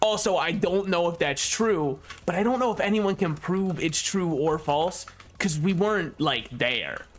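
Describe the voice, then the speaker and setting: A man's voice: high-pitched, expressive, measured pace, hardly any pauses. A young man casually commentating a game he is playing, rambling and joking with frequent laughs. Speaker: gaming YouTuber.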